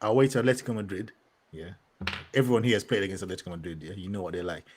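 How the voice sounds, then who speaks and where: A man's voice: low voice, racing, slight background noise. Young man ranting on a football podcast. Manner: animated, laughing, street slang, rants at length. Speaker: podcast co-host. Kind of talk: casual football podcast rant.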